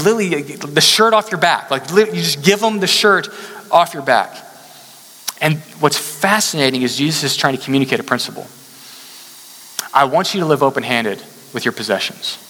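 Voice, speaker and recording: Bright-voiced man preaching in reverberant hall. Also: on the high side. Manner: conversational, animated storytelling with asides. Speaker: pastor. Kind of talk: sermon.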